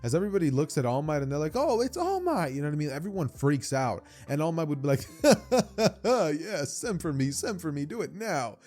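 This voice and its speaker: A man voicing a loud, hearty adult male superhero with a theatrical delivery. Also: fairly high pitch, expressive, fast, hardly any pauses, natural voice. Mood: boisterous.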